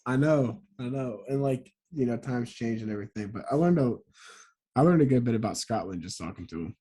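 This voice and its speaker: A man's voice: mid-range voice, animated, fairly quick, mellow, breathy edge. A man on a podcast, chatting casually, rambling and correcting himself as he goes. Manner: rambling storyteller, self-correcting. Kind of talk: casual chat.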